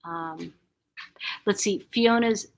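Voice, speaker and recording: An older woman hosting a casual live chat, reading viewer comments aloud, chatty and quick to laugh. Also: medium pitch. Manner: warm, chatty, reacts to comments, laughs often.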